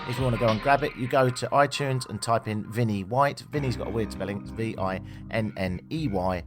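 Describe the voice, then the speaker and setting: A man's voice: lowish voice, brisk, music in the background. A man hosting a radio talk show, joking and making sarcastic asides.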